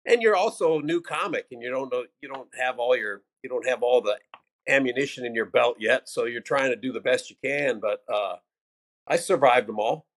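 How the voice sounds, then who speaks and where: A man's voice: mid-range voice, a little fast. An older American stand-up comedian telling loose, salty stories from his career in a casual interview. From United States. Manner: loose, profane anecdotes with animated quoted voices.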